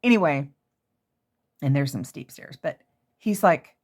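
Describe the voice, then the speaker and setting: Low-voiced Oklahoma woman telling a story. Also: unhurried. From Oklahoma, USA. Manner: animated, excitable storyteller who jumps to high shrieky pitches. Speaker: crafter showing handmade pieces. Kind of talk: casual storytelling vlog. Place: home craft room.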